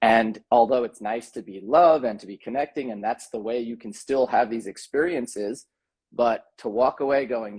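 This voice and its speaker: A man's voice: medium pitch, moderate pace, darkish tone, breathy edge. A man speaking as a podcast guest, earnest and thoughtful, with frequent ums and restarts in a casual conversation. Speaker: podcast guest, tantra coach.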